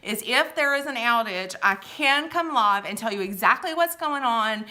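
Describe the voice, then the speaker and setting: A woman's voice: a little high, animated, moderate pace, bright, forceful tone. A middle-aged woman giving tips in a casual, chatty vlog, reassuring and full of fillers and asides. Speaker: vlogger giving shopper tips.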